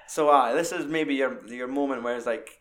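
This man talks through a film as a podcast co-host. He swears freely and gets worked up with enthusiasm. His voice sits at an ordinary middle pitch. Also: fairly quick, a bit bright. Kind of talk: casual film chat.

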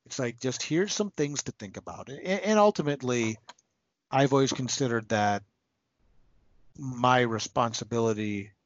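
A man's voice: mid-range voice, no echo. A man guest on a podcast, talking in a casual, earnest, heartfelt way with many restarts, choked up with emotion. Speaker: podcast guest, comics writer. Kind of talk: casual interview talk. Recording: slightly muffled dry podcast audio.

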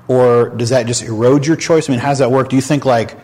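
A man hosting a candid faith talk show, speaking in a frank, animated storytelling manner. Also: medium pitch, fairly quick, few pauses, slightly rough. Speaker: host. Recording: long hall reverb.

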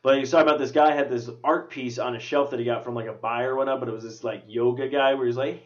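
A male podcast host in loose movie-review chat, mid-pitched and rambling, full of fillers and casual swearing. The sound is dull and lo-fi. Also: fairly even intonation, fast talker, few pauses, far from the mic. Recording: dull lo-fi recording.

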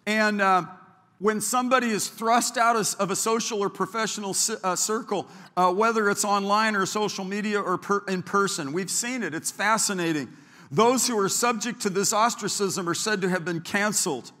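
A man's voice: sits high, normal speed. A male pastor preaching a sermon, telling stories and acting out the people he quotes. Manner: storytelling, acts out quoted people, grows louder and more fervent. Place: church sanctuary. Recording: long hall reverb.

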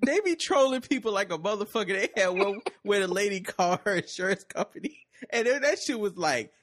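A man's voice: high voice, a little fast, few pauses, no room sound, clean studio sound. A man co-hosting a podcast in casual comedic chat, riffing and laughing often. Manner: animated, laughs often, riffs on bits. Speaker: podcast co-host.

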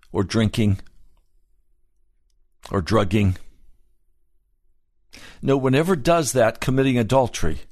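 A man delivering a sermon in a mid-range voice. He tells stories calmly and then builds to impassioned, pleading appeals. The sound is dry and close, with no room echo. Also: mid-range voice. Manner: impassioned, rising to fervent pleading. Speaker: preacher.

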